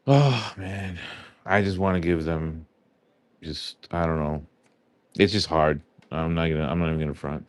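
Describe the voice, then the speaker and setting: A man's voice: deep voice, clean tone, no room sound. A man hosting a live stream, chatting casually and earnestly with lots of fillers while scratching lottery tickets. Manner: rambling, heartfelt, filler-heavy.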